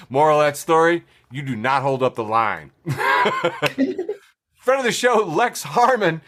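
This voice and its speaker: A man's voice: a little high, sing-song, slow pace, fairly bright tone. A man hosting a podcast, reading social media posts aloud with sarcastic commentary, laughing often and swearing freely. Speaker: podcast host.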